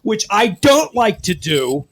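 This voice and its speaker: A man's voice: sits high, very animated, slow pace, breathy edge. A man hosting a comedy podcast, telling crude stories full of swearing. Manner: profane storytelling, puts on voices of people he quotes.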